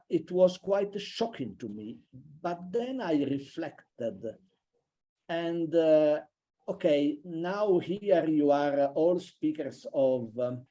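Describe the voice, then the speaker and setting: A man giving an online university lecture, halting and thinking aloud with many fillers and restarts. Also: a little high, warm tone, lo-fi sound. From Italy. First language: a regional language between France and Italy.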